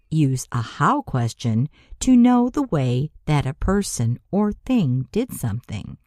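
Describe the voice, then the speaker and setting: A woman narrating a scripted grammar lesson as an English teacher, speaking deliberately and spelling out letters for learners. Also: fairly low pitch, a little mellow, dry recording, clean studio sound.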